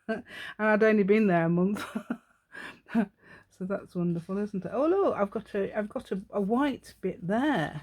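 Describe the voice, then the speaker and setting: A woman's voice: mid-range voice, a little mellow. A woman hosting a crafting tutorial, chatting as she works, rambling and laughing often. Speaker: craft channel host.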